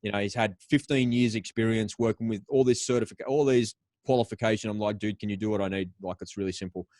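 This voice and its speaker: A man's voice: fairly low pitch, fairly even intonation, fast talker, darkish tone, no room sound, studio quality. A man with an Australian accent, a podcast guest telling stories in a casual, upbeat way with plenty of slang. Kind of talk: casual interview talk.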